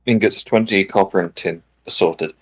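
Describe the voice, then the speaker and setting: A man's voice: low voice, normal speed, rough recording. A man playing in a tabletop game, chatting casually with dry, joking banter. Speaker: player.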